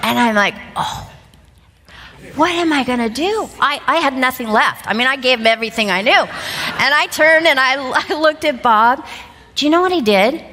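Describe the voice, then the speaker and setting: A woman in her fifties giving a motivational talk on stage, an animated storyteller who laughs often. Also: high voice, moderate pace, in a large hall. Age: 50s. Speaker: seminar speaker. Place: stage in a large event hall. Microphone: lapel mic.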